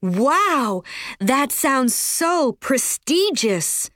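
A woman reading aloud as a bold, scheming teenage girl who talks loudly and theatrically. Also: medium pitch, animated, moderate pace, no echo, clean studio sound, natural voice. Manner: loud, theatrical.

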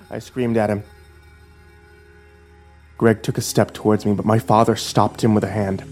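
A man narrating a first-person horror story in a quiet, subdued reading voice. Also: fairly low pitch, level tone, moderate pace, gravelly, pauses often, faint music behind.

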